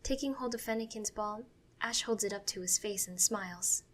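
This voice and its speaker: A woman narrates a fan-fiction story in a soft, hushed way. Her voice sits at a medium pitch. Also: normal speed. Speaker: story reader.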